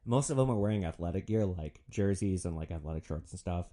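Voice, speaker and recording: A man's voice: low-pitched, fast talker. Sardonic young man telling a story. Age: young adult. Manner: sardonic, profane, animated. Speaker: podcast host, former rideshare driver. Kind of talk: comedic storytelling monologue.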